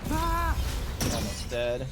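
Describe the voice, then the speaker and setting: A man's voice: medium pitch, wildly swooping pitch, extremely slow, heavy background noise. A man streaming a game, chatting casually in a rambling way. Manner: rambling, many fillers and restarts. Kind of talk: casual chat while gaming. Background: background music.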